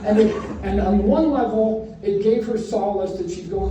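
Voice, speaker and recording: A comics creator on a panel in a large convention hall tells blunt, animated stories to a live audience, sometimes acting out his own shouting. His voice is high and moderately paced. The hall is echoey, he's far from the mic, the highs are cut off, and faint crowd noise lingers.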